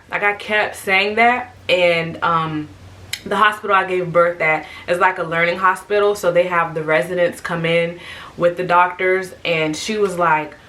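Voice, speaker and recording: A woman telling her birth story to camera in a casual, animated way, acting out what people said. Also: fairly low pitch, unhurried.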